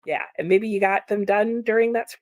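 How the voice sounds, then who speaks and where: A chatty woman hosts a relaxed livestream, talking back to her viewers in an easygoing, mid-pitched voice. She laughs often and leans on "like" and "um" as she thinks aloud. The sound is close and dry. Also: brisk, no room sound. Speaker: livestream host reading chat comments. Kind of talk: casual live chat.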